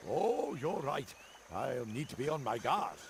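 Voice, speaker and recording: A man's voice: mid-range voice, sing-song, unhurried, creaky, slight background noise. An actor voicing a polite, grandfatherly old male traveler who carries spices, in a video game. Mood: genial. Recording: game audio under music.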